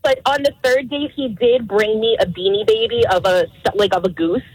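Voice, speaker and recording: A woman calling a radio show and telling a story in a giggly, animated way. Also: a little high, normal speed, husky, no room sound, poor audio. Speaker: caller. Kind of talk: phone-in storytelling.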